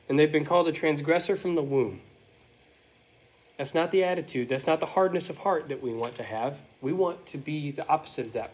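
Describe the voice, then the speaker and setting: A man preaching verse by verse, reading scripture aloud and then explaining it unhurriedly. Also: on the high side. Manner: self-correcting slips while reading. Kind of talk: verse-by-verse Bible teaching.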